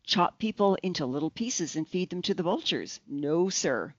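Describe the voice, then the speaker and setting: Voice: mid-range voice, animated, moderate pace, no room sound, close to an everyday voice. An audiobook narrator voicing a cantankerous, toothless old uncle with a scratchy voice and blunt, grumbling pronouncements. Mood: grumpy. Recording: slightly dull, dry lo-fi recording.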